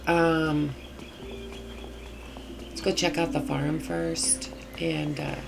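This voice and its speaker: Low, gravelly-voiced woman gaming host. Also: little pitch movement, very slow, background noise. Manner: chatty, rambling with many fillers. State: morning voice. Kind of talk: casual gameplay commentary.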